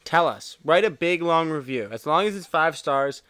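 A man's voice: on the high side, expressive, normal speed, fairly bright tone, clear, resonant tone, no room sound. A young man co-hosting a podcast, laid-back and teasing, swearing casually. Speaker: podcast co-host.

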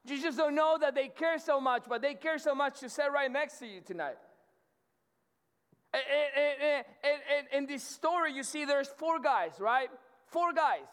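High-voiced pastor in a reverberant hall. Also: male voice, normal speed, fairly bright tone. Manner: conversational and slangy, with many restarts and repeated "right?". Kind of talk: casual sermon to college students. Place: church auditorium. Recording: long reverb of a large hall.

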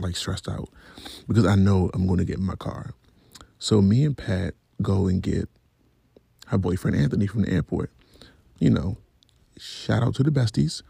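A man's voice: on the low side, gravelly, warm tone, breathy edge, no room sound. A man vlogger telling a story about his week in a casual, profane, rambling way.

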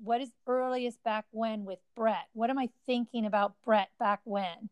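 A woman gently and thoughtfully sharing a sad family memory in casual conversation. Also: on the high side, steady tone, clean tone, dry recording, highs cut off. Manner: gentle, slow, thoughtful recollection.

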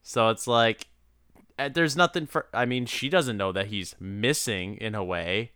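A man with a smooth, crisp, bright voice chats loosely about a movie. He rambles through his asides and laughs easily, recorded dry and close. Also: fairly low pitch, a little slow, no room sound. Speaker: podcast co-host. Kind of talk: casual movie recap chat.

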